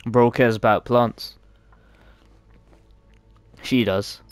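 A man's voice: mid-range voice, steady tone, very slow, no echo. A man giving joking, mock-dramatic let's play commentary. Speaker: gaming YouTuber.

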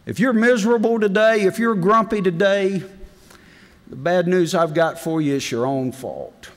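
Folksy high-voiced preacher man. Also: normal speed. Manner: folksy storytelling preacher, swings between loud and hushed. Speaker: preacher leading a devotion. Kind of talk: sermon. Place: large legislative chamber. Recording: long reverb in a big hall.

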